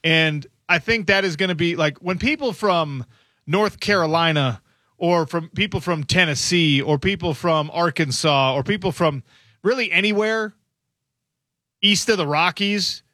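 Sports radio host, male, slightly higher pitched voice with bright, forceful tone, close dry studio mic, thinks out loud and chats casually. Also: unhurried, dry recording. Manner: musing, conversational, thinks aloud. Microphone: studio microphone.

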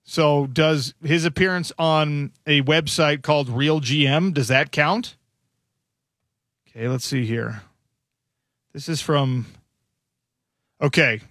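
Sports radio host, male, slightly higher pitched voice with bright, forceful tone, close dry studio mic, thinks out loud and chats casually. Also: slow, pauses often, dry recording. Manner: musing, conversational, thinks aloud. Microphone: studio microphone.

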